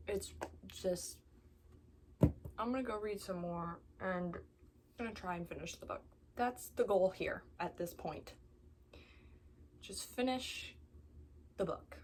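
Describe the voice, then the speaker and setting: A woman vlogging casually about a book she is reading, upset and near tears, dropping to soft whispers and then rising to exasperated outbursts. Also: mid-range voice, a little hiss or hum. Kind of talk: reading vlog, casual talk to camera.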